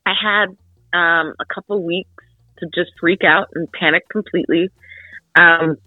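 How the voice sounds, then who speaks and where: Guesting on an interview, a young actress from the Philadelphia suburbs tells an animated story full of fillers. Her voice is low-pitched, and the recording sounds like dry, tinny phone-line radio.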